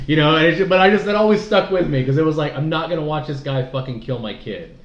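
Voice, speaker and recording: A man's voice: fairly high pitch, lively intonation, quick pace, hardly any pauses. A man co-hosting a podcast, chatting casually in a rambling, profane way. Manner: rambling, profane, laughs often. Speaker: podcast co-host. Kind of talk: casual chat. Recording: echoey, dull room audio with faint noise.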